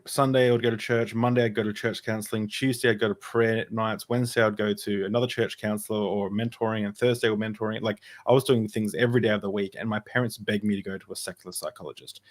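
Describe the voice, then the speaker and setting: Podcast guest: man, low-ish voice, rambling casual storytelling full of restarts. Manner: rambling, with many restarts and filler words.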